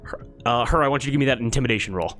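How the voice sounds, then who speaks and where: A man running a tabletop game as game master, talking fast, often correcting himself and laughing. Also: medium pitch, fairly bright tone, faint music behind.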